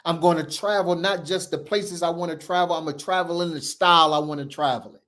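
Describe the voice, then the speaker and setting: This man hosts a show and speaks fairly quickly in a steady tone. His motivational talk is impassioned, with repetitive, emphatic, sermon-like rhythm that moves between booming declarations and hushed, low passages.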